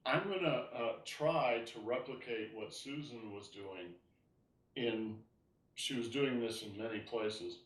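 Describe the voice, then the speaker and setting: A man's voice: medium pitch, roomy sound, recorded from a distance. A man teaching an online tai chi class, explaining moves as he demonstrates and often asking "right?".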